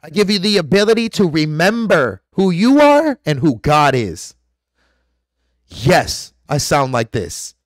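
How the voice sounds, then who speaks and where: A man's voice: fairly high pitch, very animated, measured pace, dry recording, studio quality. A man delivering an aggressive, profane, preachy rant straight to his viewers as a vlogger. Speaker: conspiracy vlogger. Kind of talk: ranting monologue to camera.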